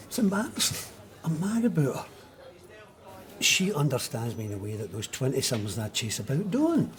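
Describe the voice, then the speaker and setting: A man's voice: medium pitch, wildly swooping pitch, normal speed, pauses often. A middle-aged man in a scripted sitcom, confessing in a theatrical way.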